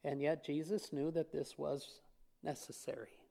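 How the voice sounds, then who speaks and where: High-voiced male preacher telling a story. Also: unhurried, gravelly. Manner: expressive storytelling, acting out quoted lines. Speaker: pastor. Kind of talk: sermon.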